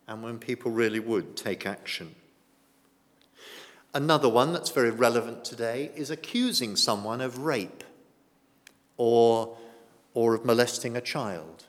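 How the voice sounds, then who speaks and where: Male preacher, animated delivery, chatty, quizzes the congregation, church echo. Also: medium pitch. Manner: conversational, asks the congregation questions. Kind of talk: sermon.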